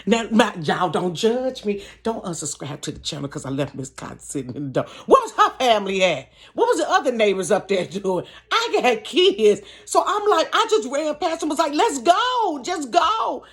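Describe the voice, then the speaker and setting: A woman vlogger telling a story to her viewers in a casual, animated way, often laughing. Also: medium pitch, moderate pace, hardly any pauses. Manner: animated, chatty, frequent laughter, addresses viewers. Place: bedroom.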